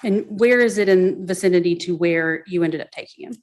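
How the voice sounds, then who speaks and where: A woman attorney questioning a witness in court, methodical and brisk, steering the answers with short questions. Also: on the low side, a little mellow.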